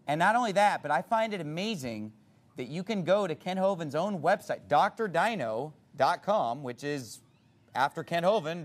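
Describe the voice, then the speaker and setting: Blunt, mocking male preacher. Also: on the high side. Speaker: pastor. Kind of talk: sermon.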